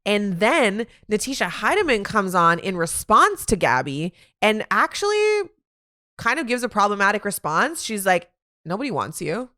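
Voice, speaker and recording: A woman hosting a solo sports podcast, talking in an animated, opinionated way with quick asides. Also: medium pitch. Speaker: podcast host.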